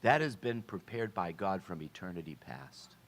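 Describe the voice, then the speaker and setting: A man with a somewhat low voice gives a relaxed, conversational sermon. He often asks his listeners rhetorical questions and stumbles over or restarts phrases as he goes. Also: moderate pace. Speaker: pastor. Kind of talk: informal sermon talk.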